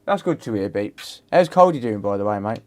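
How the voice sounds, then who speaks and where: A man's voice: fairly low pitch, lively intonation, brisk. A man with a Black Country accent chatting casually to his live-stream viewers while repairing electronics, laughing often and addressing chatters by name. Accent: Black Country English. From England. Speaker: livestream host.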